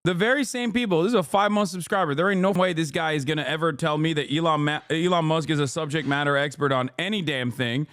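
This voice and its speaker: A man's voice: fairly high pitch, fast talker, hardly any pauses, fairly bright tone. A man in his thirties streaming reaction commentary, sarcastic and exasperated, swearing often as he argues with his chat.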